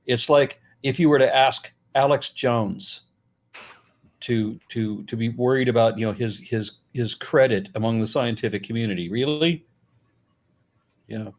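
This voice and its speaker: A middle-aged American man talking casually as a guest, blunt and profane, animated, with frequent restarts. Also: mid-range voice, a little slow. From United States. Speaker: YouTuber and guest. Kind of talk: casual conversation.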